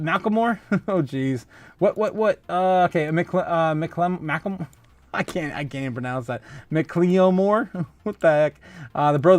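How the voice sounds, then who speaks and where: Chatty, laughing man with a higher voice. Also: darkish tone, no room sound. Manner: chatty, laughs often, many filler "uh"s and restarts. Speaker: host of a crypto livestream. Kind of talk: casual livestream chat reading viewer comments.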